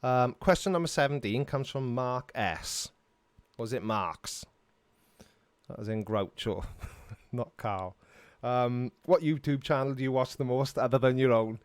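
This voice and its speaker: A man's voice: mid-range voice, measured pace, clean tone, dry recording. A middle-aged Welsh man hosting a casual live-stream Q&A, reading viewer comments and answering them in a chatty, self-mocking way. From Wales.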